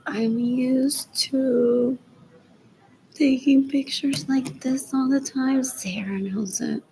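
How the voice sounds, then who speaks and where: Woman streamer, gravelly and higher-pitched, rambling and repetitive, dips into whispers. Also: fairly even intonation, slow, poor audio. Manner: drifts between loud talk and near-whispers; rambling, repeats filler questions to herself. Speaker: livestreamer. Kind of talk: rambling solo livestream chat.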